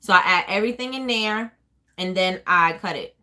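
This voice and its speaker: New Jersey woman, business owner hosting a live chat, rapid and rambling, bright tone. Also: medium pitch. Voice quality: fast-talking, rambling with many ums. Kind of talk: casual live chat answering viewers.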